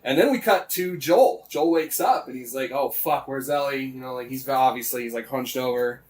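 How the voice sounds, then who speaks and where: A man's voice: mid-range voice, normal speed, darkish tone. A man co-hosting a casual podcast, animatedly retelling events with lots of swearing and "like" fillers. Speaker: podcast co-host.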